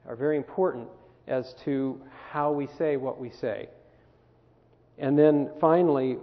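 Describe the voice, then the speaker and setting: A man presenting a workshop on communication to a camp group, talking conversationally and asking the group questions. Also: medium pitch. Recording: phone-quality recording in a reverberant hall.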